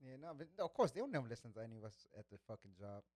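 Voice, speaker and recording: A man's voice: mid-range voice, sing-song, racing, darkish tone. A man co-hosting a podcast, trading laid-back, teasing banter full of slang. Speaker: podcast co-host. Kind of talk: casual chat.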